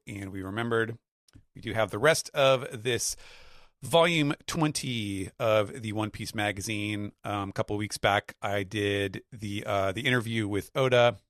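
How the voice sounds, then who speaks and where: A man's voice: fairly low pitch, fairly bright tone, no room sound. A man on a podcast as a guest translator, talking in a dry, self-deprecating way with lots of "uh"s. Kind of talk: casual chat.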